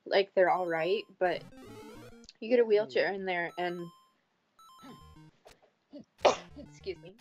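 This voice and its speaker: A woman's voice: fairly low pitch, slow, pauses often, muffled recording, soft background music. A woman guest on a live stream, answering questions in a casual, plain-spoken way with many fillers.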